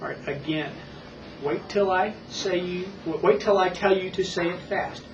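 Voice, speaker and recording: An instructor coaching a small child in a reading drill for watching parents, patiently repeating and stretching words out slowly. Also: medium pitch. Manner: patient, repetitive drilling with slow exaggerated words. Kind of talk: demonstration lesson for parents. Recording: echoey, distant, muffled old tape with hiss.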